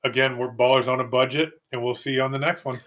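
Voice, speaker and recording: A man's voice: medium pitch, little pitch movement, quick pace, a bit bright. A man hosting a casual sports chat, easygoing and a little hesitant. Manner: easygoing, hesitant, uses fillers. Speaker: host.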